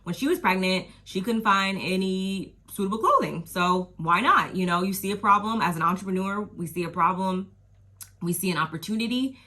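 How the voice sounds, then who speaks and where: A woman's voice: mid-range voice, animated, moderate pace, sharp tone. A woman casually recapping a reality TV episode in a chatty, slangy way, laughing and acting out her own reactions.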